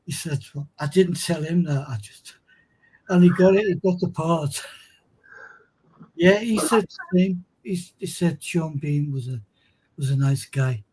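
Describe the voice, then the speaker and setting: A man's voice: on the high side, unhurried, pauses often, a little mellow, slightly rough. A man in casual chat, telling a story and reacting with short interjections. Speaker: show co-host.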